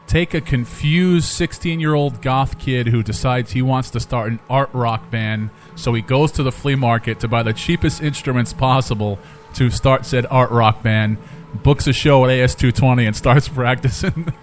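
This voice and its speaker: A man co-hosting a radio show, telling stories with dry, deadpan humor in a studio. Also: mid-range voice, normal speed, hardly any pauses. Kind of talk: casual studio banter, storytelling.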